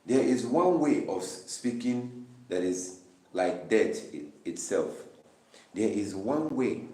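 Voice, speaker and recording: Deep-voiced man teaching scripture. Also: mellow. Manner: repeats phrases emphatically, reads verses and explains them. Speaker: Bible study teacher. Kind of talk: Bible study teaching. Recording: roomy, distant mic.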